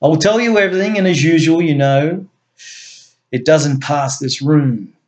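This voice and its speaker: A man's voice: a little high, moderate pace, a little mellow, natural voice. A man voicing an earnest male agency chief in a homemade story reading, explaining things in an eager, insistent way. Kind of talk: amateur story reading with voices.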